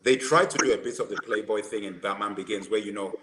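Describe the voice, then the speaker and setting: Animated man in an echoey room. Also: on the low side, fast talker, background noise. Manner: animated, laughs at his own jokes, restarts sentences. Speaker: podcast co-host. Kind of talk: casual movie discussion.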